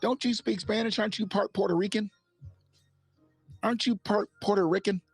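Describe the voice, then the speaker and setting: Husky, profane man on a livestream. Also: high voice, fairly even intonation, normal speed, no room sound, faint music behind. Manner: profane, rambling, laughs often, reads chat aloud. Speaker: livestream host. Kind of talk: casual livestream commentary.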